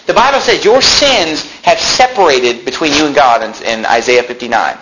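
A man preaching a sermon as pastor, emphatic, swinging between loud peaks and quiet drops. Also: a little high, animated, normal speed, few pauses, noisy background.

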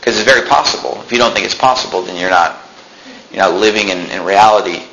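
A middle-aged man preaching a sermon as pastor, fiery, swinging between loud peaks and low intense passages. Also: quick pace, echoey room, slight background noise, low-quality recording.

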